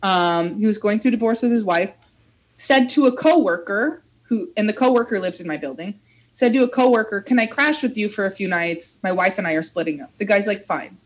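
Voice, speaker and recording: A young woman in the middle of a story on a casual chat show. She talks in a lively, animated way, acts out everyone's lines and swears freely, with a voice of middling pitch. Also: a little fast. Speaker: podcast host telling a story.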